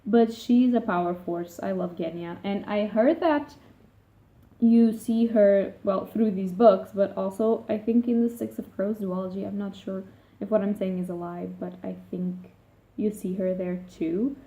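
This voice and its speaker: A woman's voice: medium pitch, steady tone, measured pace, mellow. A woman vlogger chatting casually about a book she is reading, rambling and swearing freely. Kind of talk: casual vlog chat. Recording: tinny phone-like sound.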